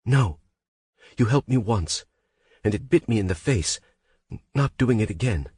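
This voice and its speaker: A man's voice: on the low side, animated, a little slow, darkish tone, slightly rough, dry recording, pitched above the performer's own voice. A male audiobook narrator voicing a young distraught woman whose voice cracks with anguish. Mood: shaken.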